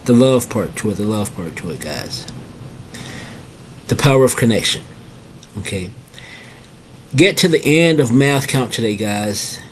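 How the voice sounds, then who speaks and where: A man's voice: mid-range voice, animated, unhurried, pauses often, a little hiss or hum. A middle-aged man hosting a casual storytelling monologue. He repeats his phrases and keeps addressing his listeners as guys. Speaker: host.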